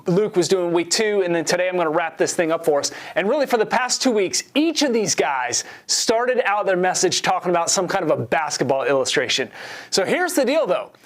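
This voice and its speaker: A man in his forties preaching a sermon, telling a self-deprecating story in an animated way. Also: high-pitched, brisk. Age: 40s. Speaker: pastor.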